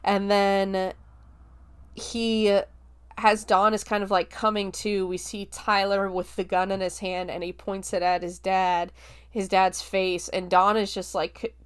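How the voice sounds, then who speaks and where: A young woman hosting a podcast casually recaps and reviews a film in a smooth, medium-pitched voice at a slightly slow pace. She's chatty, leans heavily on "like" and other fillers, and swears in a relaxed way now and then.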